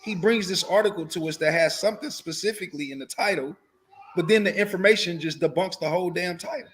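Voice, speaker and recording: Exasperated man, slightly high voice. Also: fast. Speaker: podcast co-host. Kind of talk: casual debate chat.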